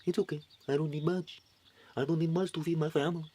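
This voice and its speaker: A man's voice: steady tone, fast talker, warm tone, lightly acted. A man voicing a humble male Mexican immigrant laborer with a Mexican accent, talking meekly in a raised voice. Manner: meek, self-effacing, raised pitch.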